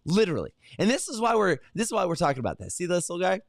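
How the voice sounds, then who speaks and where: A man hosts an upbeat morning motivational stream, his pitch climbing and dropping all over as he talks straight to viewers. He is energetic and chatty, full of fillers and restarts, and sounds a bit high for a man. The sound is close and dry, with no room around it. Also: racing, gravelly, dry recording. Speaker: host.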